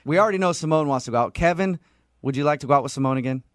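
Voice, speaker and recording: A man's voice: on the high side, racing, no room sound. A man hosting a morning radio show, teasing callers and laughing often in studio banter. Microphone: studio microphone.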